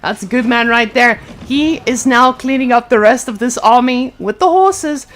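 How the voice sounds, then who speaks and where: Female play-by-play caster with a fairly high voice, lively and excitable on every big moment. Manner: energetic, excitable, quick to hype plays. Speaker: esports caster. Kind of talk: play-by-play game commentary.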